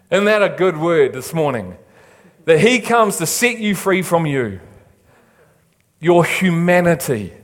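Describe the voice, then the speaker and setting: A male pastor preaching with emphatic, rising delivery. His voice rings out with a long reverb tail, as if in a large church hall. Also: sits high. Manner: emphatic preaching that drops to a hushed, soft delivery. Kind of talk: sermon.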